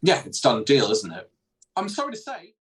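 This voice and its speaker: A man's voice: medium pitch, huge pitch swings, normal speed, breathy edge, rough recording. A man hosting a podcast, chatting casually about politics and often restarting his thoughts. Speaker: podcast host.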